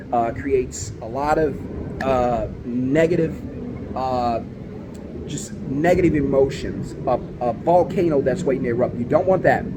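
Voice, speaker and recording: A man delivering business advice straight to camera, sounding like a hands-on company owner coaching his peers. His voice sits slightly high for a man, and he drives points home by repeating them. He keeps the tone emphatic and brotherly, often checking in with a quick "right?". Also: a little mellow, a little hiss or hum.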